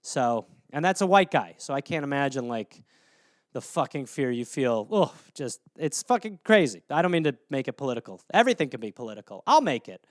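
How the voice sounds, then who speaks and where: A man hosting a comedy show, riffing casually in an animated, profane way. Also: medium pitch, a little fast, no room sound, studio quality. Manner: animated, profane, jumps into voices. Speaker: comedy podcast host.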